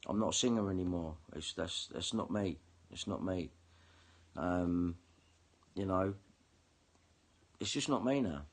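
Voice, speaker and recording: A man's voice: sits low, expressive, a little slow, pauses often. A man ranting angrily and swearing in a monologue to camera. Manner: heated, sweary, confrontational. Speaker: vlogger.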